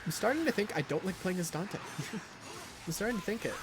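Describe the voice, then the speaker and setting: A man's voice: high-pitched, animated, a little fast, noisy background. A young man streaming a video game live, ranting and swearing in frustration at his character. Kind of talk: live gameplay commentary.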